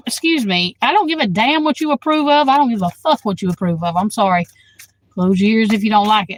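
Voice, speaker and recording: A woman tarot reader chats casually with her livestream viewers, blunt and outspoken, swearing freely and quick to flare up at the chat. Her voice is on the high side and expressive, and the recording quality is low.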